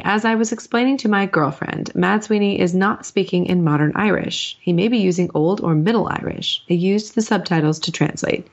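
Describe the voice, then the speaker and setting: A woman's voice: on the low side, gravelly. A woman co-hosting a podcast, chatting casually and reading listener mail aloud, laughing often between points. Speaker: podcast co-host. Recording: dull, lo-fi mic sound.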